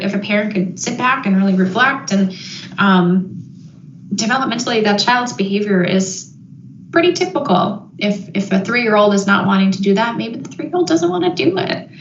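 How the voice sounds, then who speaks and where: A woman giving a parenting webinar, thoughtful and reflective, pausing with frequent ums and restarts. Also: medium pitch, fairly bright tone, a little hiss or hum. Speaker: parenting educator. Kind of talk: webinar presentation. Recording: roomy, slightly dull audio.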